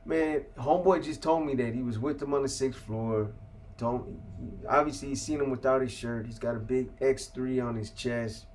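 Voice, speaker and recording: A man's voice: mid-range voice, normal speed, darkish tone, slight background noise. A man from California casually telling a story as an interview guest, in laid-back street slang with plenty of profanity.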